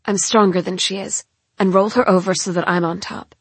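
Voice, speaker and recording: Female audiobook narrator, husky and breathy, dry close sound. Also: medium pitch, fairly even intonation, no room sound. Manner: measured, dramatic storytelling. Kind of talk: first-person novel narration.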